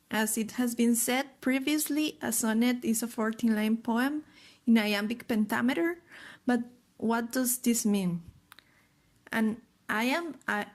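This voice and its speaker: Female presenter, methodical lesson delivery, slightly high, unhurried. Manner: careful, methodical, reads out rhyme schemes letter by letter. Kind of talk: explaining poetry lesson.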